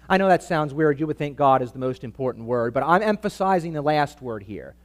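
A man's voice: fairly high pitch, lively intonation, brisk, hardly any pauses. A man preaching to a live church audience in an emphatic teaching style, asking the listeners for amens. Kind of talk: sermon-style teaching talk.

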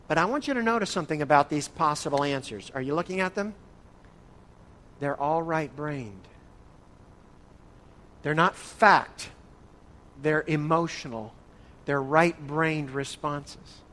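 A man's voice: on the high side, a little slow, pauses often, fairly bright tone. A man from the northern United States teaching an interactive church Bible study session, playfully calling on listeners by name. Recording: long hall reverb.

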